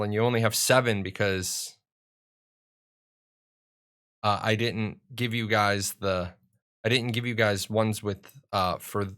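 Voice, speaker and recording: A man's voice: on the low side, a bit bright. A young adult man chatting casually and rambling on a live stream, joking about himself as he goes. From United States.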